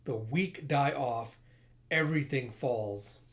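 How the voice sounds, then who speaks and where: A man reading aloud as a cruel female witch queen villain, slow and contemptuous. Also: mid-range voice, close to an everyday voice. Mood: cold, scornful. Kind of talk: comic book read-aloud.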